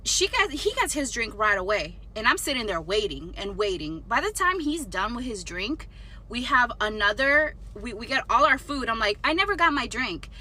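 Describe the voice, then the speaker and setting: A young adult woman telling a storytime story in an animated, indignant way, swearing now and then. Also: a little high, moderate pace. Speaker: storytime vlogger. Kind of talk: casual storytelling.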